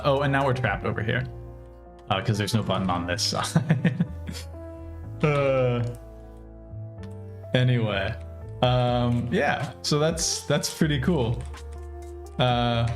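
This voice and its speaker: A young American man casually thinking aloud while programming on a livestream, with many fillers. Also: medium pitch. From United States. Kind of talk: casual live coding commentary.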